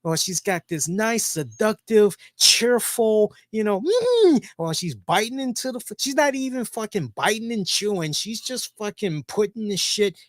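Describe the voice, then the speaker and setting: A man's voice: sits high, normal speed, few pauses, no echo, studio quality. A man co-hosting a talk show, ranting casually with lots of swearing and jokes. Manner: animated, heavy swearing, jokey. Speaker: podcast co-host. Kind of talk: casual profane rant.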